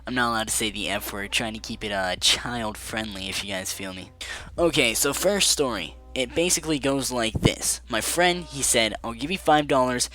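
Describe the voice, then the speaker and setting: A man's voice: on the low side, moderate pace, sharp tone. A young man telling a casual storytime vlog in a sarcastic, joking way, with bursts of cursing. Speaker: vlogger.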